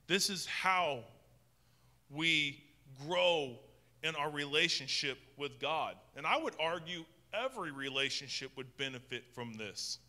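A man delivering a casual, conversational sermon in a church. His voice sits high and sounds piercingly bright, and he stumbles into frequent restarts. The sound carries a long reverberant tail from the hall. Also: expressive, unhurried. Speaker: pastor.

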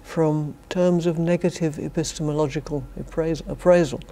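This older British woman, a philosophy professor with a British accent, lectures a university society with wry, dry humour and chuckling asides. Her deep voice stays fairly even in intonation and warm in tone at a moderate pace.

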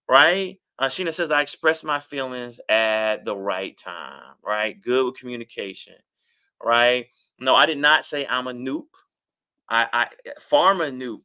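A middle-aged man giving relationship advice on a livestream, reading out viewer comments with a passionate, animated delivery. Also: medium pitch.

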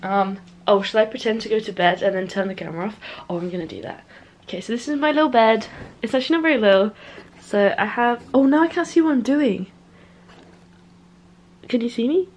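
A woman's voice: on the high side, fairly quick, a little hiss or hum. A young woman in a student bedroom chatting casually to her handheld camera, bubbly and giggly. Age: young adult. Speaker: student vlogger. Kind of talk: casual vlog chat to camera. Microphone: handheld compact camera.

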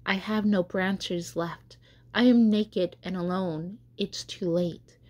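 A woman voicing a remorseful, proud male tree in a storybook reading, with high, strained cries. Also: fairly even intonation, slow pace, darkish tone. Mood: sorrowful.

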